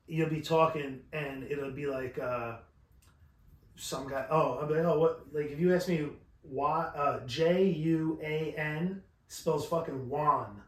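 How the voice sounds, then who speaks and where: A man from New York rambles through a story in a loose, swearing, animated way. His voice sits a little high for a man. The room around him rings with echo. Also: slow pace. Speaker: podcast co-host. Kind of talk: casual chat. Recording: roomy echo.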